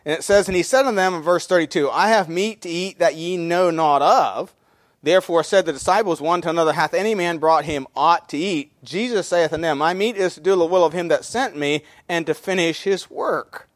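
A pastor preaching a sermon, reading scripture in old English and explaining it in plain talk, with frequent fillers and repeated words. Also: male voice, fairly high pitch, fairly quick, no echo, clean studio sound.

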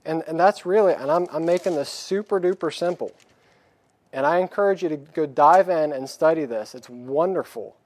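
A man preaching a sermon with a slightly raised pitch, reading scripture and breaking into plain, blunt talk. The sound is dry and close, with no room around him. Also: normal speed, a little mellow, no echo. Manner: plain-spoken, acts out pleading voices of the people; reads scripture aloud in a raised voice.

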